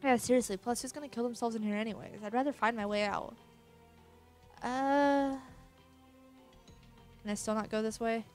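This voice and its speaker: A woman's voice: a little high, steady tone, moderate pace, long pauses, faint music behind. A woman casually commenting on a horror game she is playing, reading its text aloud and swearing now and then. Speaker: let's play gamer.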